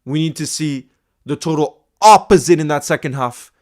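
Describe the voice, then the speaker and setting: A man reacting live to a football match as a fan-channel host, exasperated and ranting, repeating himself, and swinging from loud outbursts to low muttering. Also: normal speed. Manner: repeats himself, stammering restarts.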